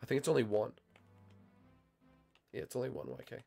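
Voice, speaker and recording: A young man casually commenting on his gameplay, bantering and teasing his teammates, his voice still a little hoarse as it recovers. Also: medium pitch, very animated, a little fast, dark tone, soft background music. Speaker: gaming channel host.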